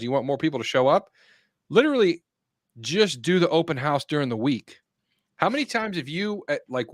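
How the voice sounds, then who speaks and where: A man's voice: medium pitch, dry recording, clean studio sound. A man co-hosting a casual podcast chat, emphatic and blunt, swearing and mimicking exasperation. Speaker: real estate agent and podcast co-host.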